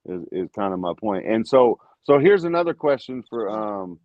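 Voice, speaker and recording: A man's voice: lowish voice, sing-song, moderate pace, darkish tone, no room sound. A man hosting a casual livestream chat, joking around and laughing through easy banter over a video call. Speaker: livestream host. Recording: dull lo-fi sound with faint hiss.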